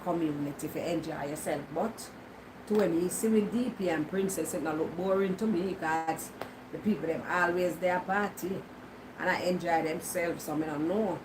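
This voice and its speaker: A woman's voice: deep voice, noisy background. A Jamaican woman vlogging in casual Patois, teasing and answering her viewers' comments. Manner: teasing, talks back to comments.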